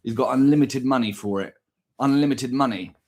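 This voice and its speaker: A man's voice: medium pitch, a little fast, darkish tone. A man talking in a casual vlog, crude and exaggerated, swearing constantly. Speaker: vlogger. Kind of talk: casual rant and food vlog.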